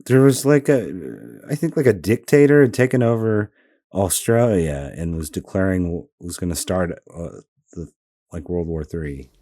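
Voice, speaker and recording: A man's voice: low voice, normal speed, warm tone, no room sound. A man co-hosting a casual comics podcast, trading dry sarcastic jokes and musing over old stories. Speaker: podcast co-host. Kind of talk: casual chat about comics.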